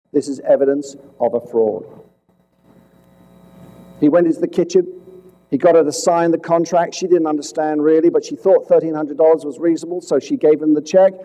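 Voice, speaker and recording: A man with a high, mellow voice gives a presentation on fraud. He tells the case like a story, firing rhetorical questions at the room and then dropping to a hush for the key lines. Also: rough recording. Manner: dramatic storytelling with rhetorical questions and sudden swings from loud to hushed. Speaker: fraud investigator speaking to police.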